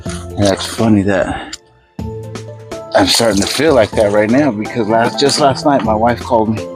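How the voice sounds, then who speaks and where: A man's voice: fairly low pitch, moderate pace, over music. An older man chatting casually into his phone camera outside by his garage, rambling and easygoing as he works. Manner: rambling, easygoing, talks to himself while working. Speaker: vlogger. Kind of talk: casual day-in-the-life vlog. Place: outdoors by his garage, working on a fridge.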